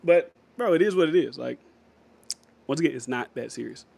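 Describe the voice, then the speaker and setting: A man's voice: on the high side, animated, a little fast, vocal fry, warm tone, no room sound. A man hosting a casual livestream, rambling loosely, laughing often and reading viewer comments aloud. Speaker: livestream host reading chat.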